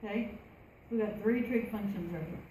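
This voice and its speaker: A woman's mellow, medium-pitched voice guides a math lesson at normal speed, as she casually asks the class questions. There is an echoey classroom sound with a little faint noise.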